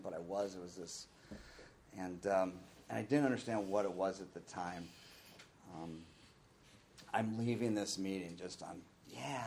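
A man's voice: low-pitched, darkish tone, a little hiss or hum. Candid middle-aged man sharing recovery story. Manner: candid, rambling, acts out quoted voices. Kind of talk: personal recovery talk.

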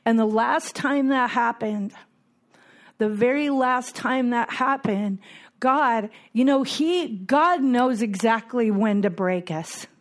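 A middle-aged woman speaks to a recovery group in a heartfelt, personal way. Her voice sits a little on the high side, and she often repeats her key phrases to drive them home. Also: slow.

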